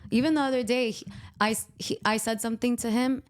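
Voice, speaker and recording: A woman's voice: fairly high pitch, steady tone, quick pace. Chatty woman host telling stories. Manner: chatty, candid and self-mocking, quotes dialogue. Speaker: podcast host. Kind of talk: casual storytelling chat.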